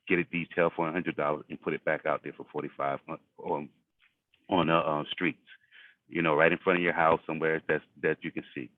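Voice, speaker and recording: A man's voice: a bass voice, no room sound. A man leading a group video call, giving motivational money advice and repeating phrases for emphasis. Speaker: group leader. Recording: tinny phone-like call audio.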